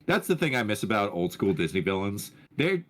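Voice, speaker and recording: A man co-hosting a casual podcast chat, chiming in with quick jokes and interjections. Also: on the low side, very animated. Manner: quick interjections, joking asides. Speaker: podcast co-host.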